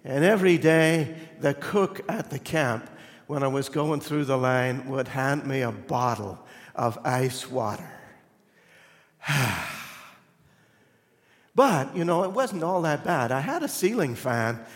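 A man's voice: mid-range voice, lively intonation, takes it slowly, long reverb tail. A male pastor preaching a sermon in a conversational, storytelling way, earnest and reflective.

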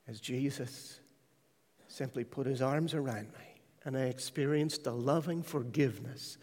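A man preaching a sermon, telling his testimony with hushed, tender stretches and sudden loud quoted voices. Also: medium pitch, a little slow. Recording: large hall reverb.

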